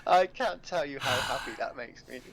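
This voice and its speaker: A man's voice: mid-range voice, moderate pace, creaky, crowd noise. A man joining a stream on voice chat, teasing his friend in a dry, joking way. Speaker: guest on voice chat. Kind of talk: casual voice-chat banter.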